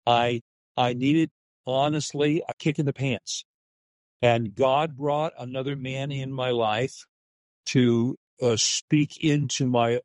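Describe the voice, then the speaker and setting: Halting older pastor on a call. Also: male voice, mid-range voice, a little mellow, dry recording. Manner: slow, halting, with many fillers and restarts. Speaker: author and retired pastor. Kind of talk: remote interview. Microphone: video or phone call.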